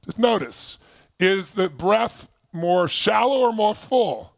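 Gravelly, animated man coaching a crowd. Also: sits high, slow pace, no echo. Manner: energetic, emphatic, coaxing audience with repeated "right?". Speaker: motivational speaker. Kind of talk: live seminar coaching over video call.

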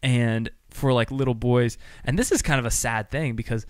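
A man in his thirties co-hosting a casual podcast chat, lively storyteller who acts out his children's voices. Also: medium pitch, moderate pace, clear, resonant tone, dry recording. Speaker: podcast co-host.

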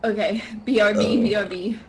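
A woman talking with friends over voice chat during an online game, animated and laughing as she recounts what happened. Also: mid-range voice, normal speed, noisy background. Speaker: co-player on a stream. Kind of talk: casual gaming chat over voice call. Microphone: voice chat with push-to-talk.

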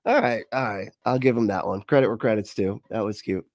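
A man's voice: fairly low pitch, brisk, darkish tone, dry recording, studio quality. A man hosting a casual reaction show, rambling and sarcastic, swearing freely and laughing at what he watches. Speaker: host.

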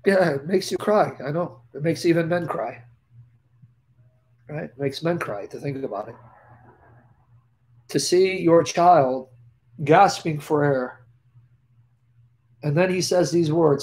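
High-voiced impassioned male preacher. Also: slow pace, pauses often. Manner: emphatic, swings from loud declarations to hushed tones; repetitive rhetorical questions. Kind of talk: impassioned live-stream preaching.

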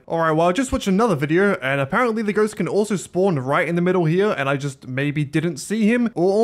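A man giving casual gameplay commentary, sarcastic and self-mocking, swearing freely as he talks to his viewers. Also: fairly high pitch. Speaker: gaming YouTuber.

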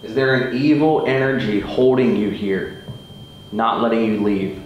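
A man's voice: fairly low pitch, unhurried, recorded from a distance, highs cut off, slight background noise. Jumpy young man in an echoey hall. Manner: jumpy, often whispering, then loud exclaiming. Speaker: paranormal investigator. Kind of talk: casual ghost-hunt chat. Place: large abandoned hospital, indoors at night. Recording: very echoey hallway.

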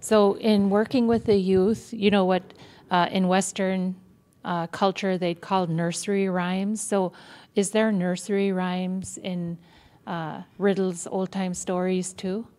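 A woman interviewing a storyteller, asking soft-spoken, hesitant questions. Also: medium pitch, little pitch movement, slow.

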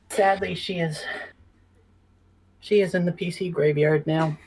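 A woman with a somewhat low voice chats casually as a guest. She is wry and talkative. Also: takes it slowly, darkish tone, slightly rough. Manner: chatty, wry. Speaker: guest player. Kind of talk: casual chat.

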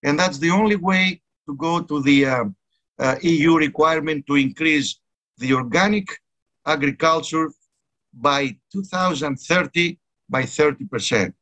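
Earnest bright-voiced man presenting at a conference. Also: a little high, unhurried. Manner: earnest, emphatic, repeats key words. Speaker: conference speaker.

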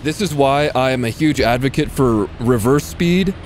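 A male streamer talks through a live match in a relaxed, chatty way, answering his chat as he plays. His voice sits at an ordinary middle pitch, and faint gunfire and engine noise run underneath. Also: moderate pace. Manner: casual, chatty, answers chat while playing. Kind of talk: live gameplay commentary.

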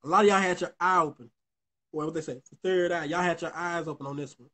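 A young man speaks fast in a fairly high, bright, forceful voice, keeping a steady tone. As a vlogger talking to his viewers, he tells a story in a profane, wandering way, full of restarts.

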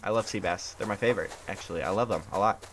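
Soft music plays behind a tired young man streaming a game from a hot room at home, where he grumbles casually with sarcastic mock indifference. He talks fast in a lowish, fairly bright voice, and the recording is noisy.

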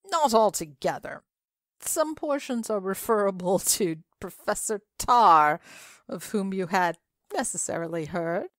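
A woman voicing a genial, excitable older male asylum director in a dramatic reading of a classic story, talking in a courtly, grandly emphatic way. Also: mid-range voice, unhurried, no echo, studio quality, close to an everyday voice.

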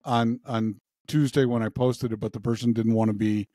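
A man's voice: steady tone, normal speed, warm tone, dry recording. Man telling jokes on a dry mic. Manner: retells jokes with playful pitch shifts for characters. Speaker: podcast co-host. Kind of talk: casual joke-telling chat.

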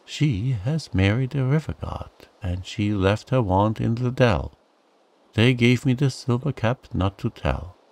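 A man's voice: mid-range voice, expressive, a little slow, a little mellow, voice pushed up. A man voicing a boastful, greedy male goblin in a bedtime storybook, wheedling and insistent. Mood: shouting.

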